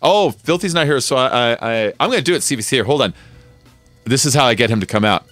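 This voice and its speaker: A man's voice: medium pitch, expressive, quick pace, fairly bright tone, no echo, soft background music. A man hosting a casual gaming livestream, chatting and laughing with friends and greeting viewers in chat. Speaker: livestream host.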